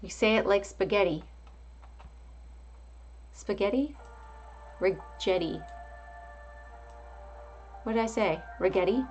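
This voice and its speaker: A woman's voice: mid-range voice, measured pace, pauses often, highs cut off, faint music behind. Chatty woman calling out stock levels. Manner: chatty, reads out price levels, answers viewer chat. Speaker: livestream market host. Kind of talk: casual live market commentary.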